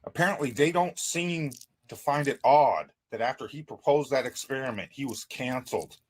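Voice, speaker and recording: A man's voice: medium pitch, normal speed. A man hosting a show, talking in a sarcastic, emphatic monologue. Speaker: host. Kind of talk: monologue commentary.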